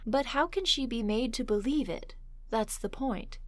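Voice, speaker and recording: A fretful young man, petulant and timid, voiced by a woman reading a storybook. He pleads and fusses, his voice lifting higher as he worries. The sound is close and dry. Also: unhurried, no echo, close to an everyday voice. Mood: pleading.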